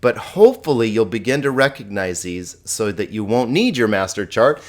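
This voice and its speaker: A man's voice: lowish voice, animated. Friendly man teaching a grammar lesson. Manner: friendly, repeats forms slowly, asks students questions. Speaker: Greek teacher.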